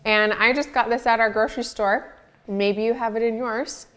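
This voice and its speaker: A woman's voice: on the high side, fairly even intonation, moderate pace, a bit bright. A young adult woman who makes ice cream, chatting casually through a review and talking with her mouth full. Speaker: ice cream maker reviewing store-bought ice cream. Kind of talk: casual product review vlog.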